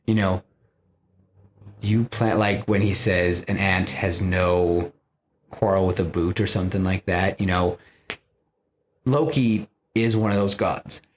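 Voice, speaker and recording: Rambling man pitching a story. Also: steady tone, slow, pauses often, slight background noise. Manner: rambling, many fillers like "you know". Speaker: podcast host pitching a film story.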